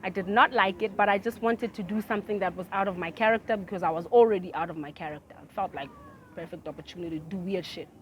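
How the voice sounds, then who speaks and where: A woman telling a personal story in casual chat. She swings from low mutters to loud outbursts and often laughs as she talks. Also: steady tone, fast talker, a little hiss or hum. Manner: laughs through her own story.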